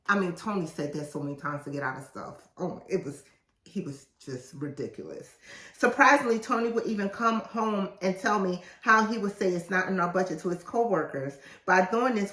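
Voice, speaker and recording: A woman podcast host who reads aloud from her own book and breaks off into casual asides, assertive and animated. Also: mid-range voice. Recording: roomy echo, mic at a distance.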